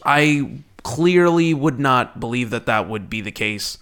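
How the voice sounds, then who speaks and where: A man co-hosting a casual sports podcast, excitable and quick to laugh. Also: mid-range voice, clear, resonant tone. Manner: excitable, laughs often, restarts. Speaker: podcast co-host.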